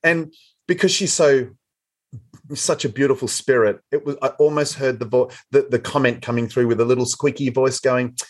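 A man's voice: medium pitch, fairly even intonation, moderate pace. A man hosting a casual podcast interview, encouraging his guest and laughing along. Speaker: podcast host.

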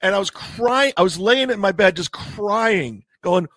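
Giggly man with a high, lively voice. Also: a little slow, no echo. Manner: giggly, crude, keeps breaking into laughter. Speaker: streamer in a played clip. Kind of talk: casual live-stream chat.

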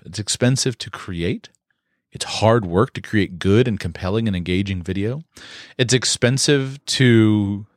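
A man giving an instructional talk on communication, explaining in a measured way with occasional fillers. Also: mid-range voice, dry recording, clean studio sound.

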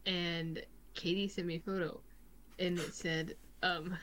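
A woman's voice: on the low side, level tone, unhurried, fairly bright tone, slight background noise. A young woman co-hosting a podcast, telling stories and teasing her friend in casual chat. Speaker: podcast co-host.

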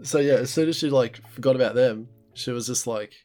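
A man's voice: mid-range voice, fairly quick, warm tone, soft background music. Laid-back man, podcast co-host. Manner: laid-back, rambling, laughs often. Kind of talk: casual chat.

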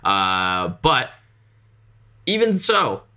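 Young male podcast co-host, bright, rambling, profane, filler-heavy. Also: mid-range voice, wildly swooping pitch, very slow. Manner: rambling, swears freely, many fillers and restarts. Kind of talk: casual sports podcast chat.

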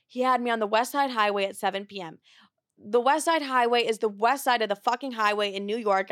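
Young woman host, higher voice, profane and frank, dry close mic. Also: fairly bright tone, no echo. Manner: blunt, profane storytelling with acted-out quotes. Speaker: podcast host. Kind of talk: casual confessional chat.

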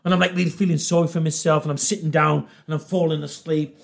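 A man spins a rowdy comic yarn, jumping into the voices of everyone in it and swearing as he goes. His voice sits high for a man, with a gravelly fry running underneath. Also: quick pace. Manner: animated, acts out voices, lots of swearing. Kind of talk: comic storytelling.

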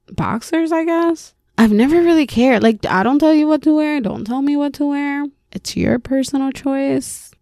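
A woman's voice: medium pitch, creaky, darkish tone, no echo, studio quality. A young woman hosting a podcast, candidly telling personal stories with frequent swearing and laughter. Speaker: podcast host.

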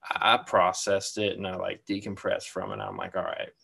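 A man's voice: deep voice, flat delivery, moderate pace, creaky, sharp tone, husky. A young man co-hosting a podcast in casual chat, laid-back, saying "dude" and "like" a lot. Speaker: podcast co-host.

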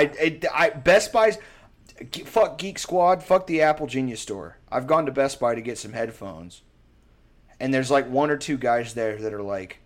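Young man, casual chat, rambling, swears a lot, animated storytelling. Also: mid-range voice.

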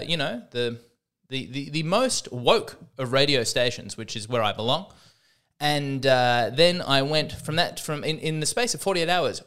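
A man's voice: fairly high pitch, fairly bright tone, smooth. A man hosting a podcast, delivering a rambling, self-deprecating comedic monologue with frequent restarts. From Australia. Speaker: podcast host.

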